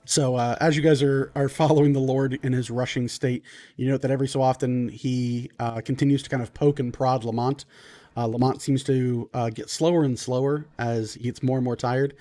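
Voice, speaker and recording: A man's voice: medium pitch, normal speed, soft background music. Man narrating as game master. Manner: relaxed, loose narration with fillers.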